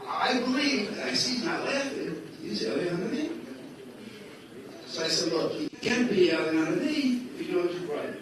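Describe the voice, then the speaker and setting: A man's voice: sits high, expressive, moderate pace, crowd noise. A man telling a long personal story at a religious gathering, acting out the dialogue of the people in it. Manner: acts out quoted dialogue with shifting voices. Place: large echoey hall at a school. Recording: very echoey hall, voice from far off, noisy.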